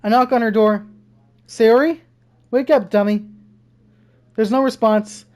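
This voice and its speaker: A woman's voice: on the high side, steady tone, measured pace, darkish tone. A young woman playing through a visual novel, reading its text aloud and breaking off into frightened swearing. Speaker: gaming streamer. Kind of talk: let's-play, reading game text aloud. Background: faint game music.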